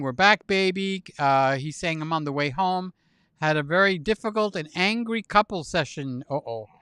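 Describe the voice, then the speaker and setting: A man hosting a livestream, chatting with guests and telling silly jokes in an animated way while laughing at them. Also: a little high, smooth, no echo, clean studio sound. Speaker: livestream host. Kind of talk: casual chat with guests.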